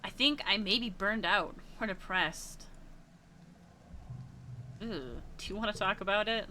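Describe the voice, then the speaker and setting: A woman's voice: mid-range voice, measured pace, sharp tone, a little hiss or hum. A woman streamer reading a game's text aloud between playful reactions, laughing and gasping as she plays. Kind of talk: reading a game aloud with casual chat.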